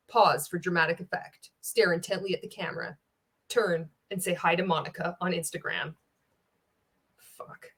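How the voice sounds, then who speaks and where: A woman's voice: lowish voice, steady tone, normal speed, fairly bright tone, slightly rough. A young woman hosting a reaction video, commenting sarcastically and with exasperation, swearing now and then. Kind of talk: casual commentary on a training video.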